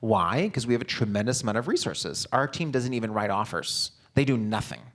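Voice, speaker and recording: A man presenting a live business seminar, coaching the audience directly and often asking quick check-in questions. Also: lowish voice, very animated, a bit bright. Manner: direct, coaching, upbeat delivery. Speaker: real estate seminar presenter.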